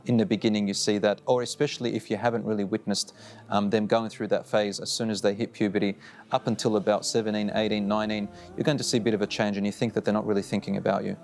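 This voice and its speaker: A man's voice: fairly low pitch, flat delivery, fast talker, a little mellow. A middle-aged man preaching, earnest and direct, repeating short firm phrases as he gives advice to parents. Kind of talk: recorded religious reminder.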